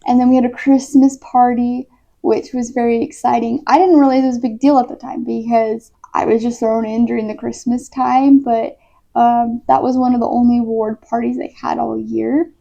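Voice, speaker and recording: Chatty young woman with a gravelly fry. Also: a little high, little pitch movement, moderate pace, warm tone. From United States. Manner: chatty, many "like" fillers, laughs easily. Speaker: missionary. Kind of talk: casual storytelling vlog. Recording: dull lo-fi recording.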